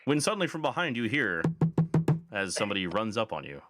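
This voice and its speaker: A man's voice: fairly low pitch, sing-song, fairly quick, over loud music. A man running a tabletop game as game master, narrating in a matter-of-fact way.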